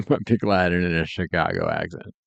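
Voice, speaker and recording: A man's voice: deep voice, huge pitch swings, measured pace, vocal fry, dry recording, muffled recording. A man streaming while he works, chatting casually in a laid-back, meandering way and chuckling often. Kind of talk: casual rambling chat while working.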